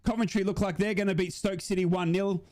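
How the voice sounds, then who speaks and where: Passionate high-voiced football fan streamer. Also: male voice, steady tone, fast talker, darkish tone. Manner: passionate, swearing, emotional fan. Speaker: football watch-along streamer. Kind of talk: live fan commentary.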